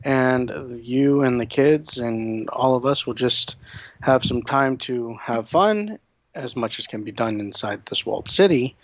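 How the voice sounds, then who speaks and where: A male tabletop player who speaks politely in a measured way. The audio is slightly dull and lo-fi, and the sound is dry. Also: mid-range voice, no echo. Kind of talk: casual in-character play.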